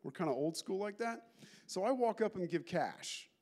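A male pastor giving a conversational sermon, telling stories with lots of animated asides. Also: sits high, moderate pace. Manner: animated storytelling with many asides.

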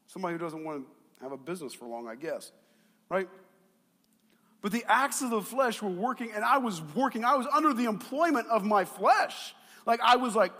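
A middle-aged male pastor preaching a sermon, telling a personal story in an animated way, with quiet asides that build to shouts. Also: sits high, normal speed. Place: church sanctuary. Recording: long hall reverb.

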